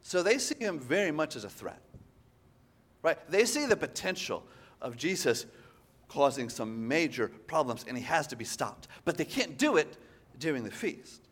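Male pastor, high-pitched voice, animated conversational sermon delivery. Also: moderate pace, breathy edge. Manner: animated, conversational, frequent "right?" asides.

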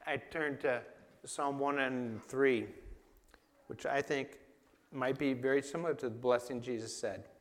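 A man's voice: mid-range voice, fairly even intonation, measured pace. A man preaching a sermon in an emphatic, conversational way, asking his listeners questions. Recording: long reverb of a hall.

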